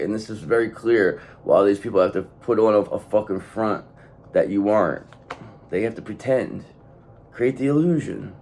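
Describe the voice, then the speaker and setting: Gravelly, profane male tarot reader. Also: fairly low pitch, darkish tone, slight background noise. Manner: blunt and profane, repeating phrases for emphasis. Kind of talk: tarot reading monologue.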